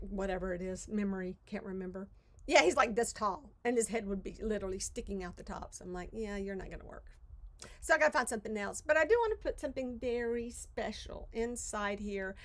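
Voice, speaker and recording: A woman's voice: on the high side, a bit bright. A woman, chatting casually on a craft livestream, rambling and self-deprecating, often trailing off mid-thought. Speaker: crafting vlogger. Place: home craft studio.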